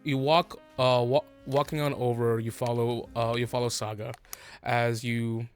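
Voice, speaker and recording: A man's voice: mid-range voice, little pitch movement, measured pace, soft background music. A man narrating a tabletop game as game master, rambling with many fillers.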